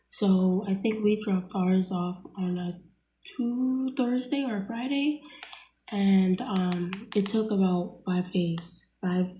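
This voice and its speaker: A woman's voice: lowish voice, dark tone, echoey room, slight background noise. A young woman telling a personal story in a casual vlog, blunt and full of fillers, swearing freely. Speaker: vlogger.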